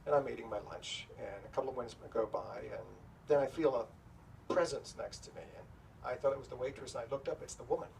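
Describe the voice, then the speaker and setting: A middle-aged man spins a self-deprecating story for a crowd at a bookstore talk, his voice sitting at an ordinary pitch. He sounds a little far from the mic, with a steady hiss running under the room. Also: quick pace, vocal fry. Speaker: author speaking at a bookstore event. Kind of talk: anecdote told to a live audience. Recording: distant, noisy room recording.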